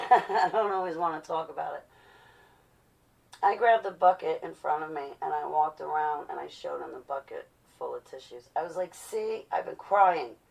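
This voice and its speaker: A woman with a low, gravelly voice talking casually to her livestream viewers from home. She rambles from one story to the next with lively, animated storytelling, and her voice sits a little back from the mic. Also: recorded from a distance.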